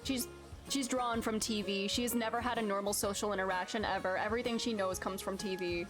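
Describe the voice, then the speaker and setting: A woman's voice: mid-range voice, fairly even intonation, fairly quick. A woman streamer giving live game commentary, joking and giggling, with game music under the voice.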